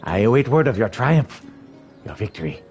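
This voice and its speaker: A man's voice: medium pitch, very animated, moderate pace, darkish tone, faint music behind, lightly acted. A man voicing a timid, fretful male kobold in a game, stammering and piling up anxious synonyms. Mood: whiny. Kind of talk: reading game dialogue aloud in character.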